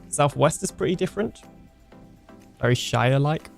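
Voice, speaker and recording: A man's voice: a little high, lively intonation, fairly quick, creaky, pauses often, darkish tone, soft background music. A young British man casually chatting on a live game stream, reading viewer comments aloud and laughing often as he trails off mid-sentence.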